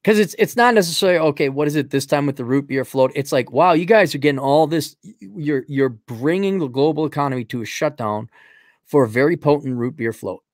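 A man's voice: a little high, fairly quick, no room sound. Blunt, rambling man on a dry mic. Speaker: livestream host. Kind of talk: casual opinionated monologue.

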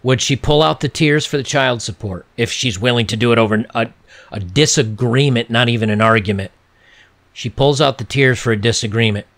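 Gravelly, sarcastic male commentator. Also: medium pitch, a little fast, fairly bright tone. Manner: sarcastic and mocking. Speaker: reaction video commentator. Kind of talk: casual commentary.

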